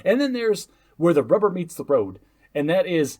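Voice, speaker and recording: A man's voice: high voice, normal speed. Stammering, joking podcast co-host man. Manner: animated, stammering restarts, joking. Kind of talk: casual podcast chat.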